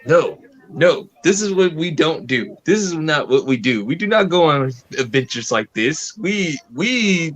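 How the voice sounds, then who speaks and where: A man's voice: fairly high pitch, expressive, unhurried, a bit bright. A young man joking casually with friends while watching a horror film. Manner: laughing, joking banter. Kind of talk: casual movie commentary.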